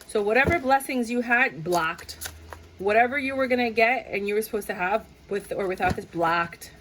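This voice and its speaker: Animated woman giving a casual tarot reading. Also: a little high, fast talker, slight background noise, poor audio. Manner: animated, playful, sings and mimics clients' voices. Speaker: tarot reader.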